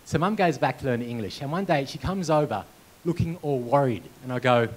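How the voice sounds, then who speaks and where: A man in a mid-range pitch delivers a motivational keynote in a conference hall. He is an animated storyteller who uses comic timing and wry asides. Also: fairly quick. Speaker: keynote speaker.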